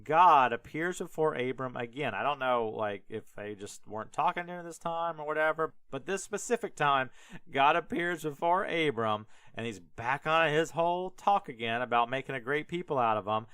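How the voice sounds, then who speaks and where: A man's voice: mid-range voice, animated, moderate pace, fairly bright tone, clean tone, no echo. A young man hosting a podcast, retelling scripture in an irreverent, rambling way full of fillers. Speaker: podcast host.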